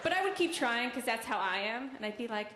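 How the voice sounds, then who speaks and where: A young woman doing a stand-up comedy set with a deadpan, conversational delivery and quick asides to the audience. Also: on the high side. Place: comedy club stage. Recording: roomy club recording with noise. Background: audience laughter.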